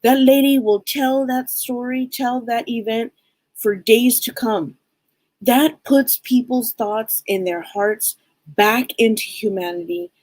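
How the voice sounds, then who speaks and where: A woman's voice: a little high, darkish tone, no room sound, low-quality recording. A woman hosting a live-stream psychic reading show, talking in a heartfelt, rambling way with many restarts.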